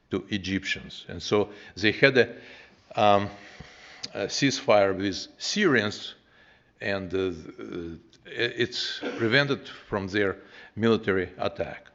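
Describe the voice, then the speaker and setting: A man in his sixties with a Russian accent, speaking haltingly at a council meeting's public comment, with many fillers and restarts. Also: fairly low pitch, fairly bright tone. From former Soviet Union. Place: council chamber. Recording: dull, muffled meeting audio.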